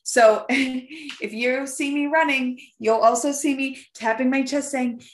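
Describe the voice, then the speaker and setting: A woman co-hosting a podcast, chatting casually and getting animated and loud as she tells a story. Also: high voice, a little slow, roomy sound. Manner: animated, swearing, rising to shouts when telling a story. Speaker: podcast co-host. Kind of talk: casual chat.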